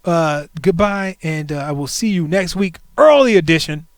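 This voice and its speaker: Stream host, man in his 40s, higher pitch, playful and joking, dry close sound. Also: normal speed, no room sound. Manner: playful, joking, animated asides to chat. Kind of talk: casual livestream chat.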